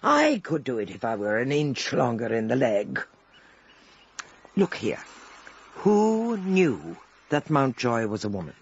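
An actress playing a shrewd, commanding older woman detective in a vintage radio drama, crisp and assured. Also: very deep voice, wildly swooping pitch, slow, pauses often, exaggerated voice. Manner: crisp, assured, dryly authoritative. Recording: dull old radio recording with faint hiss.

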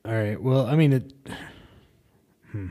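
A man's voice: mid-range voice, a little slow, dark tone. A man co-hosting a comedy podcast as the skeptical straight man with dry replies. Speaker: podcast co-host.

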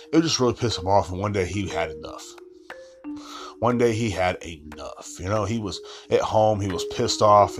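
Deep-voiced man swearing through a ramble. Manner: rambling, heavy swearing, frequent filler asides. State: tired. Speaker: podcast host. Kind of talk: casual storytelling monologue.

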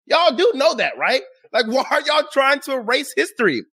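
A man with a high voice hosts his own talk show and speaks straight to the audience. His delivery is sarcastic and exasperated, and it swoops up and down with lively intonation. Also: normal speed, slightly rough. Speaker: show host. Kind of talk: casual opinion commentary.

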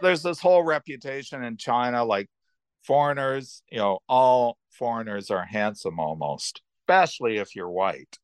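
A man's voice: mid-range voice, lively intonation, moderate pace, smooth. Older man telling stories. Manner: rambling, many restarts and asides. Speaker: podcast host. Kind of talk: casual storytelling.

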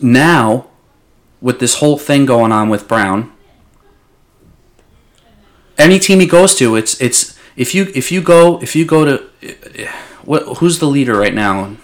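A man's voice: medium pitch, lively intonation, takes it slowly, pauses often. A young man in casual sports talk as a podcast co-host, passionate and blunt, swearing freely.

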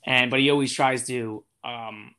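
A man's voice: mid-range voice, steady tone, a little slow, pushed and bright, smooth. A young man as an interview guest, talking in a casual, rambling way with lots of fillers and restarts. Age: young adult.

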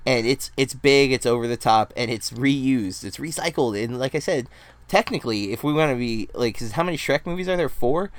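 A man's voice: medium pitch, brisk, dry recording. Man with a dry, close sound. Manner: hesitant, many ums and restarts. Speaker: podcast co-host. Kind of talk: casual chat.

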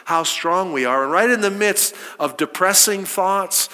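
A man's voice: high voice, a little slow, pushed and bright, in a large hall. A man preaching a sermon, quoting scripture and asking his listeners rhetorical questions with emphasis.

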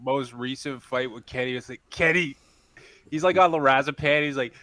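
A man's voice: mid-range voice, moderate pace, sharp tone, no room sound. A man in casual chat teasing and retelling a story with laughs.

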